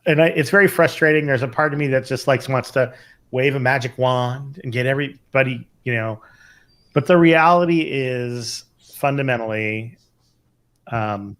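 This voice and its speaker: A man's voice: medium pitch, moderate pace, fairly bright tone. Middle-aged male physician co-host; casual, thoughtful delivery with frequent fillers and restarts. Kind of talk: casual podcast chat.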